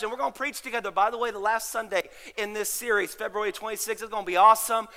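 A middle-aged male pastor preaching a sermon, swinging between drawn-out emphatic lines and sudden shouted peaks. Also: sits high, steady tone.

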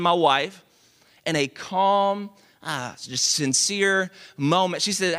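A high-voiced man preaches with a lively, swooping delivery and plenty of self-mocking asides. His voice is bright and ringing, and it carries through a long reverb that fills a large church hall. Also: normal speed. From Dallas, Texas. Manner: animated, self-mocking, confiding asides to the audience. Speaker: pastor. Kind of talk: storytelling sermon.

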